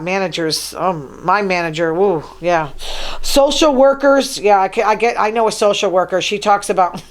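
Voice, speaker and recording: A woman hosting her own talk show, reading news items from her notes and adding chatty, wry asides. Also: on the high side. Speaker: show host. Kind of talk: casual solo talk show monologue.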